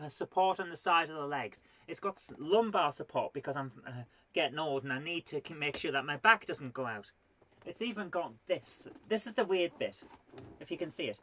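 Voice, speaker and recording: A woman's voice: low voice, lively intonation, moderate pace, a bit bright, husky. A middle-aged woman doing stand-up comedy from her home office as host of her own show, rambling and self-deprecating with mock-serious asides. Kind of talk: solo stand-up comedy to camera.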